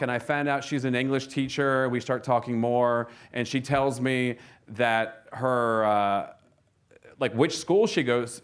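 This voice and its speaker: Man, seminar presenter, casual storytelling, mid-range voice, lots of ums and restarts. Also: medium pitch. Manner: chatty storyteller, frequent fillers and restarts. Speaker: real estate seminar presenter. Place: seminar room with audience.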